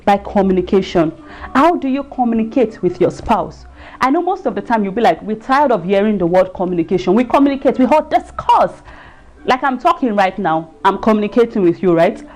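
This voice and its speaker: Earnest woman, fairly high voice. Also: lively intonation, a little fast, a little mellow. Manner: earnest, repeats herself and searches for words. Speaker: marriage enrichment speaker. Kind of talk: livestream talk.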